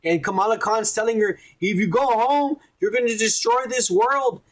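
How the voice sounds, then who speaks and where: A man with a fairly high voice talking casually on a podcast. He rambles and swears his way through a story, slipping into quick voices for each character. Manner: profane, rambling, animated retelling with quoted voices. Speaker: podcast host reviewing a TV episode.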